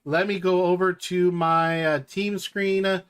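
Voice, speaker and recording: A man hosting a card-break livestream in casual chat, reading out names one by one and calling a mock horse race with rising excitement. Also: high-pitched, smooth. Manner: unhurried, reads names out one by one.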